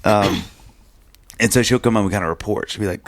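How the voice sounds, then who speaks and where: A man co-hosting a podcast in casual chat, telling animated stories and acting out quotes. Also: fairly low pitch, a little fast, no room sound. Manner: animated storyteller, acts out quotes. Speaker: podcast co-host.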